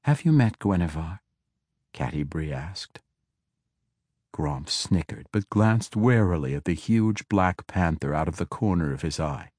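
Deep, measured male narrator for fantasy fiction; dry studio read. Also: lively intonation, a little mellow, no room sound. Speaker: audiobook narrator.

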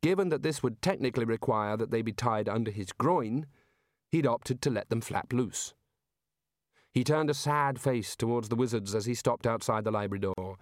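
Dry, deadpan male audiobook narrator. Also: mid-range voice, moderate pace, no room sound. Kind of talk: scripted comic fantasy narration.

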